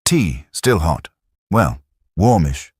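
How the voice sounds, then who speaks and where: Cheeky soldier, dry teasing banter, raised and lively, dry studio , voiced by a deep male narrator. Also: slow, breathy edge, dry recording, exaggerated voice. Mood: friendly. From Sheffield, England. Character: cheeky young British private, joking.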